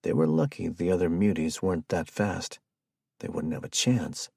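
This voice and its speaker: Male audiobook narrator, measured read, very low and gravelly, dry recording. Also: warm tone, no echo. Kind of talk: scripted narration.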